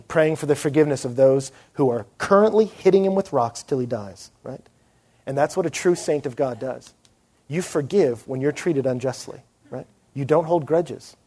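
A man giving a conversational conference sermon, dropping to a hushed voice to stress a point. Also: fairly high pitch, husky. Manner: conversational preaching, drops to a hushed voice for emphasis. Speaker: pastor.

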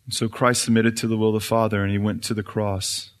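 A man's voice: fairly low pitch, little pitch movement, fast talker, hardly any pauses. A male pastor preaching an earnest, explanatory sermon in a church. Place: church sanctuary. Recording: reverberant church hall.

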